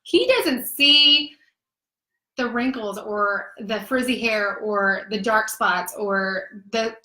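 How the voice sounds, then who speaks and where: A woman in her thirties, a guest telling a personal story in an earnest, emotional, animated way. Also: mid-range voice, takes it slowly, echoey room, low-quality recording. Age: 30s. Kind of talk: candid personal testimony in conversation.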